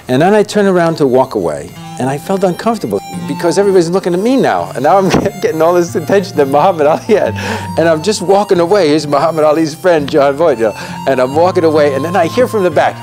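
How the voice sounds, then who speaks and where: A high-voiced man telling a story with great animation, his pitch leaping as he acts out every person in it. Soft music sits under his voice. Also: lively intonation, a little fast. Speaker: actor. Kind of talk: anecdotal storytelling interview.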